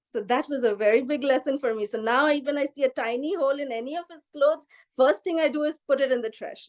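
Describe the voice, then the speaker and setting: High-pitched woman, telling a personal story in a relaxed, halting way. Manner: halting, full of fillers like "you know" and "uh". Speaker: devotee sharing a personal memory. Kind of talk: casual spoken remembrance.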